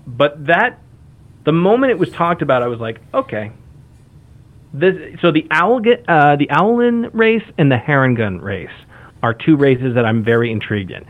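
A man's voice: fairly high pitch, expressive, moderate pace. A man in casual chat, talking enthusiastically and rambling with frequent restarts. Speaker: podcast guest. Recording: phone-like lo-fi audio.

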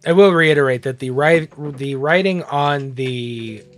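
A man narrating and explaining as dungeon master in a tabletop game, calm and explanatory. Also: medium pitch, a little slow. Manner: relaxed, explaining rules and scenes. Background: guitar music.

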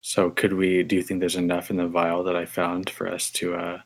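A man's voice: low-pitched, monotone, moderate pace. A man playing in a tabletop game, curious and asking questions. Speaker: player. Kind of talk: casual tabletop game chat.

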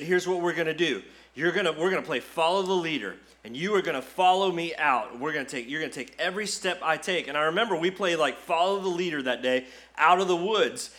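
Pastor guy in his 40s, kinda high bright voice, tells stories and cracks jokes, sermon vibe. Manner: storytelling, quips and jokes, then prays softly.

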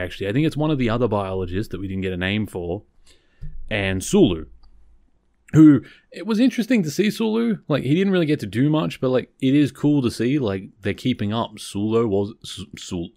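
A man's voice: mid-range voice, dark tone, dry recording, clean studio sound. A man hosting a podcast, recapping an episode in a casual, rambling way and often correcting himself. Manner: rambling, self-correcting, conversational. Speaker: podcast host.

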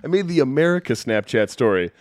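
Young man, podcast guest, lively storyteller, dry close sound. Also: medium pitch, quick pace, no room sound. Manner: animated, swears, acts out the people in his stories. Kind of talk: casual storytelling.

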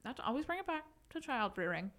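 A woman's voice: sits high, very animated, quick pace, fairly bright tone. A young woman co-hosting a casual chat podcast, rambling and giggly, reading a Reddit post aloud. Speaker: podcast co-host.

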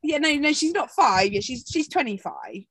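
A woman's voice: high voice, expressive, moderate pace, fairly bright tone, dry recording. A woman in her twenties hosting a podcast, chatting in a reflective, sweary way. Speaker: podcast host. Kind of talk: casual chat.

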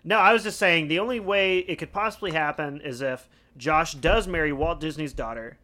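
A young man co-hosting a podcast among friends, bantering loudly and playfully. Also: a little high, moderate pace. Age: young adult. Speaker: podcast co-host. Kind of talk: casual chat.

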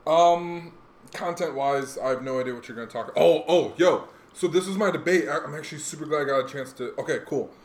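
A young man hosting a podcast, chatting casually in a rambling, animated way with lots of fillers. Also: on the high side, brisk. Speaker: podcast host. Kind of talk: casual chat. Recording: echoey room, faint noise.

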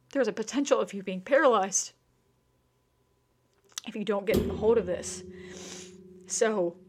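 A woman's voice: medium pitch, fairly bright tone. Candid young woman telling her story. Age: young adult. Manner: candid and emotional, frequent swearing and restarts. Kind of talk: personal storytelling to listeners.

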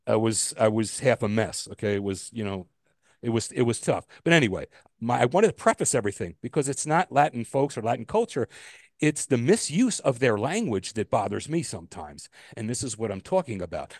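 A man co-hosting a podcast, rambling and animated, swearing freely as he rants. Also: medium pitch, no room sound, studio quality. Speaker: podcast co-host. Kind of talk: casual podcast rant.

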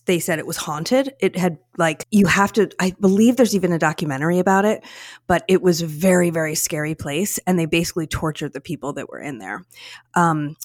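A woman's voice: on the low side, no echo, clean studio sound. A woman co-hosting a casual chat, telling a story earnestly with many fillers. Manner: earnest and chatty, with frequent fillers.

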